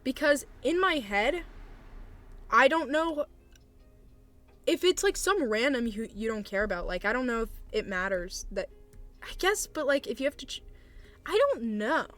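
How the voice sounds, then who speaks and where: A woman's voice: on the high side, expressive, normal speed, pauses often, fairly bright tone, soft background music. A young woman streamer giving casual advice to chat, hesitant and apologetic, with awkward laughs.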